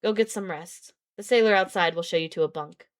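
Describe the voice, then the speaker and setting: A woman's voice: on the low side, a little fast, natural voice. A woman reading a novel aloud, voicing a curt, commanding woman official in her own voice.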